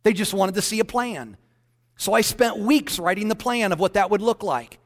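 A man's voice: sits high, normal speed, in a large hall. A man preaching as a pastor, telling a story and acting out the dialogue of the people in it. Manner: animated storyteller, quoting others in dialogue. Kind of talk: sermon storytelling.

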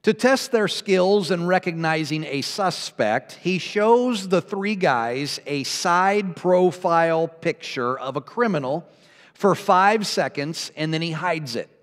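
A man's voice: fairly high pitch, lively intonation, takes it slowly. A man preaching a sermon as pastor, telling a joke with a playful, chuckling storyteller's manner. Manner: jokey storytelling, chuckling at his own jokes. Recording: long reverb of a hall.

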